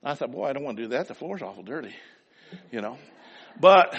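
A man's voice: medium pitch, expressive, brisk, pauses often, a bit bright, husky. A man preaching a sermon, telling a homespun story in a folksy, anecdotal way before turning to scripture with emphasis. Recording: long hall reverb.

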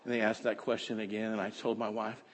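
A man preaching a fervent sermon that swings from quiet talk to shouting. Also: on the low side, flat delivery, fast talker. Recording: echoey hall.

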